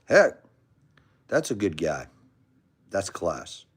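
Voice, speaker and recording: A chummy American man with a lowish voice, talking casually on a livestream and answering viewers. His pitch jumps around a lot as he rambles, calling people brother and man. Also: huge pitch swings, slow pace, slightly rough. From United States. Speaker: livestream host. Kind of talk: casual live chat reading comments.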